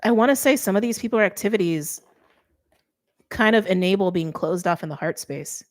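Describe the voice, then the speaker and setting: A woman's voice: mid-range voice, fairly quick. A middle-aged woman giving a casual tarot reading, chatty and thinking aloud with many fillers. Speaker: tarot reader.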